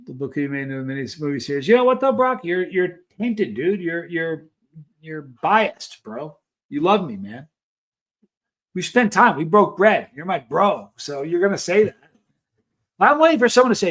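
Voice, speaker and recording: Middle-aged man, livestream host, earnest, rambling, restarts sentences, casual chat, a bit high-pitched. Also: big pitch swings, normal speed, fairly bright tone. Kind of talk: casual chat reading live comments.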